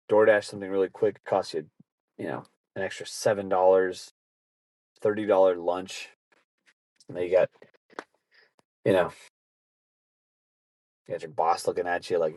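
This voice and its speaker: A man hosting a podcast, rambling through a casual comic story and slipping into quick acted asides. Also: sits low, little pitch movement, darkish tone. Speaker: podcast host. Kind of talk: casual monologue.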